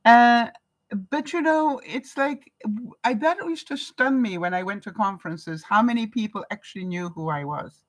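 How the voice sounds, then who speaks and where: A woman's voice: a little high, moderate pace, poor audio. A woman vlogger from Canada, telling stories in a live-stream chat with viewers, laughing often and acting out the voices she quotes.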